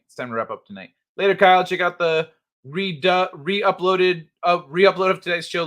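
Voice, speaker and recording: A man hosting a late-night live stream, chatting casually, swearing freely and telling stories with animated sound effects. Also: fairly high pitch. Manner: laid-back, profane, animated storytelling.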